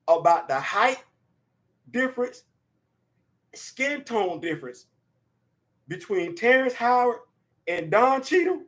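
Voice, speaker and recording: Man, high-pitched voice, excitable casual pop-culture host, shouts and laughs.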